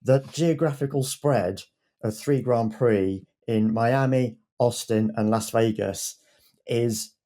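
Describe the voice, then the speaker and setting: A man's voice: fairly low pitch, dark tone. A man who is a lead editor and podcast regular, chatting casually and rambling a little with repeated words.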